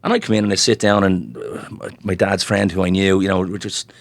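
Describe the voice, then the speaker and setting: A man's voice: low-pitched, fairly quick, creaky, no room sound. A young Irish man, a comedian guest, telling stories in a casual podcast chat, restarting his words as he goes. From Ireland. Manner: storytelling, animated, repeats words when starting.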